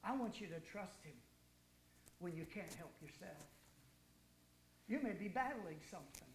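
A man preaching a sermon in a folksy storytelling way, dropping quiet and then building loud. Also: high-pitched, animated, measured pace, echoey room, a little hiss or hum.

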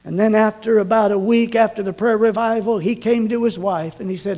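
A man preacher telling a story in a sermon, swinging from loud, urgent bursts to hushed, slow passages. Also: high-pitched, fairly even intonation.

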